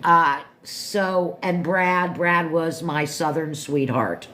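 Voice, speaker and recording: A woman's voice: deep voice, slow, sharp tone. A woman in her fifties hosting a livestream, talking casually in a meandering, chatty way full of asides and self-corrections. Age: 50s. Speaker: livestream host reviewing a book. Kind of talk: casual rambling chat.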